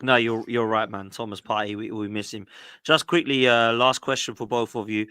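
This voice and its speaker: A man's voice: lowish voice, steady tone, moderate pace, pushed and bright, clear, resonant tone. A man hosting a podcast casually, brief and agreeable as he steers the talk to his guests. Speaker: podcast host. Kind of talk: casual chat.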